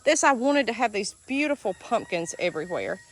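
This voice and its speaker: This homestead vlogger, a woman with a Southern accent from Alabama, walks her garden outdoors and chats emotionally to viewers in a casual vlog tour. Her voice runs a little high, sing-song and brisk, while chickens and ducks sound amid the outdoor ambience.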